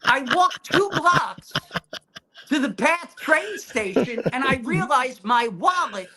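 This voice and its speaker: A man telling a wild story as a guest comedian on a podcast, animated and profane, acting out his own shouting. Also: very high-pitched, takes it slowly, over a noisy crowd. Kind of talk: storytelling in casual chat.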